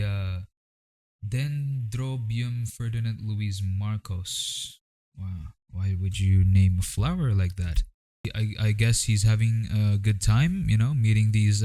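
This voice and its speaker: A man's voice: lowish voice, mellow, dry recording. A young man from the Philippines talking through a casual commentary vlog, rambling with wry, jokey asides. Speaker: vlogger.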